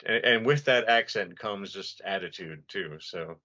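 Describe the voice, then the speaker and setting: A man from the US East Coast chats bluntly and profanely as a podcast co-host. His voice is bright and forceful, sitting a bit low. The recording sounds dull and lo-fi. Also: a little slow. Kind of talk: casual chat.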